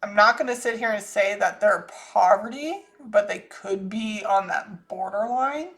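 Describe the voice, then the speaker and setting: A woman's voice: mid-range voice, unhurried, fairly bright tone. A woman with a Southern US accent, talking casually through a psychic reading and thinking aloud with frequent restarts. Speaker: psychic channeler.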